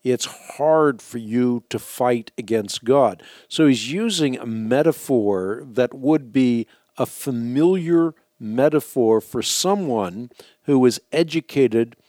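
A man hosting a call-in radio show, explaining Bible questions to callers in a measured, teacherly way. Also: mid-range voice, a little mellow, no room sound, studio quality.

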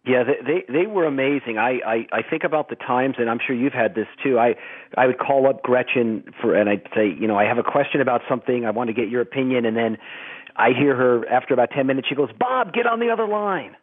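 A middle-aged man talking as a guest in conversation, halting and restarting as he recalls things. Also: mid-range voice. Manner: halting, with many restarts and laughs. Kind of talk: conversational interview. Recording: tinny phone line.

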